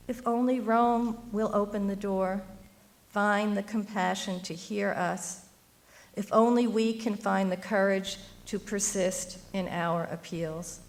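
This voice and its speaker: A woman's voice: medium pitch, fairly even intonation, takes it slowly. A middle-aged woman giving a prepared speech at a university event, earnest and rhetorical, building to emphatic appeals. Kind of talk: prepared speech read aloud.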